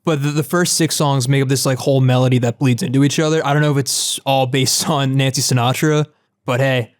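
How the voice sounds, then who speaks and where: A man's voice: medium pitch, steady tone, a little fast, no echo, studio quality. A young man co-hosting a casual music podcast, laid-back, laughing often and swearing casually. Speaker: podcast co-host.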